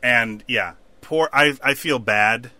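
A man co-hosting a casual TV recap chat, rambling and animated, acting out characters' lines. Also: mid-range voice, slow pace, no echo. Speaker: podcast co-host.

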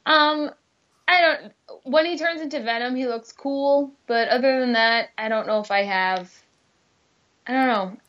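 A woman's voice: high-pitched, a little slow, fairly bright tone, lo-fi sound. A woman co-hosting a casual chat about movie trailers, hesitant and full of fillers. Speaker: co-host reacting to movie trailers.

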